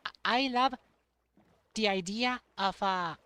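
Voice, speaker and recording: A young man streaming a game, chatting casually in a halting way and repeating words. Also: high voice, sharp tone, clear, resonant tone, dry recording. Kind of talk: casual chat while playing a game.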